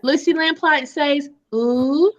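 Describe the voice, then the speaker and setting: High-voiced woman teacher, slow, sing-song phonics drills over a video call. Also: dull audio. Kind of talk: live online phonics lesson for young children.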